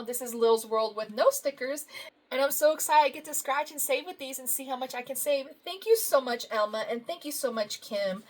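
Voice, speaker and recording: Woman, budgeting vlogger, fairly high voice, casual chat, gushing, effusive. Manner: gushing, effusive, lots of thank-yous and soft laughs. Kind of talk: casual vlog, opening happy mail.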